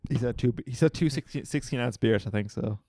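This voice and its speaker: A young man in loose banter, his voice sitting in an average pitch range. He talks quickly with jokes and casual swearing. The recording is dry and close, with no room sound around him. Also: warm tone, dry recording. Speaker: podcast co-host. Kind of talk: casual chat.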